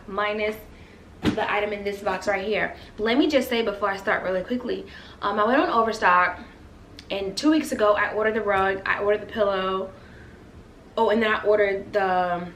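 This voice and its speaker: A woman's voice: medium pitch, fairly bright tone. Chatty woman vlogging in echoey bedroom. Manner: chatty, gushing, addresses viewers as you guys. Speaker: lifestyle vlogger. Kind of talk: casual chat to camera. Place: bedroom at home. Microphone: camera on the floor at eye level. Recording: echoey room with faint hum.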